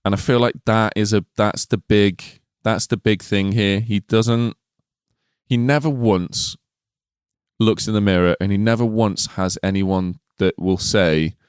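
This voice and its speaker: A man's voice: lowish voice, measured pace, smooth, no room sound, clean studio sound. A man co-hosting a film podcast, ranting in a playful, sweary way in casual chat. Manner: animated, sweary mock-ranting. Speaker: podcast co-host.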